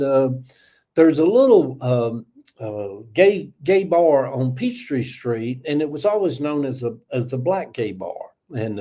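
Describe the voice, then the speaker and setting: Folksy older Southern man, mellow voice. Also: a little high. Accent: Southern US (Georgia). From Georgia, US. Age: 70s. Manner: rambling, folksy, thanks viewers, trails off with many uhs. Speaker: livestream host. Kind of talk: casual livestream chat.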